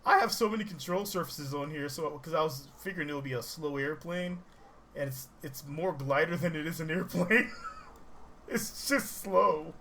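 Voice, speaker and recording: A man giving casual, rambling game commentary, excitable and laughing often as he plays. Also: fairly high pitch, moderate pace, a little hiss or hum. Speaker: gaming channel host. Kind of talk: casual let's-play commentary.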